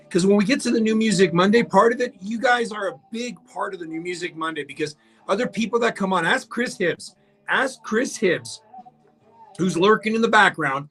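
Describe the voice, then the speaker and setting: A man with a high, bright voice runs a live behind-the-scenes stream, bantering cheekily with commenters. His talk is loose and joking, with faint music playing underneath. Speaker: radio host reading viewer comments on a livestream. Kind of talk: casual live-stream chat with viewers.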